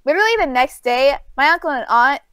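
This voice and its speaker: A woman's voice: sits high, lively intonation, fast, a bit bright, dry recording. A woman with a New York accent, telling a story in a casual chat as co-host, rambling with lots of fillers.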